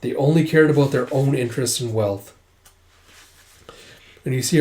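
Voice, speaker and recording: A man's voice: medium pitch, normal speed, long pauses, darkish tone, reverberant. A man casually retelling a manga chapter, leaning heavily on fillers. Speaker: manga recap vlogger. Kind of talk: casual comic recap.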